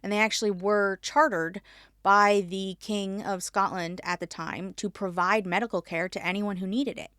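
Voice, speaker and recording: A woman co-hosting a casual history podcast, chatty and quick to laugh. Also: medium pitch, fairly even intonation, a bit bright, dry recording, clean studio sound. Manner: giggly, chatty, laughs often. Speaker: podcast co-host.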